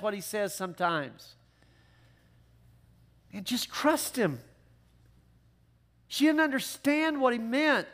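A male pastor preaching a sermon in an animated, conversational way with joking asides. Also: very high voice, takes it slowly, long pauses.

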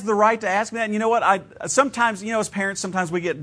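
A man's voice: high voice, rapid-fire, few pauses, sharp tone. A man in his thirties, from Ohio, preaching a sermon in a conversational, storytelling way with shifting emphasis. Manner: conversational storytelling preacher, varied emphasis, laughs at own stories. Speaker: pastor.

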